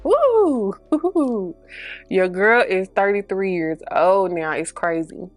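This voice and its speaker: A woman, chatting casually through a makeup tutorial, slangy and rambling, a little breathy. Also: lowish voice, fairly even intonation, measured pace, no echo, soft background music. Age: 30s. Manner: a little breathy, holds breath mid-sentence. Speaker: beauty vlogger. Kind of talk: casual get-ready-with-me chat.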